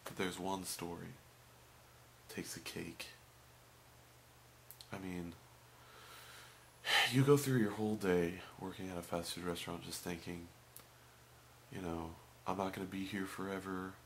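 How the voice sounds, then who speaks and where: A young man telling stories about a fast food job in a casual vlog. He swings between loud outbursts and muttered asides. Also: deep voice, fairly even intonation, a little hiss or hum. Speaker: vlogger.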